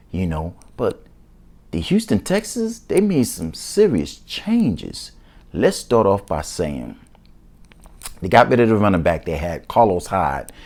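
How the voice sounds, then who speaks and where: A man hosting his own football talk show, excited and slangy in a casual commentary style. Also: deep voice, husky.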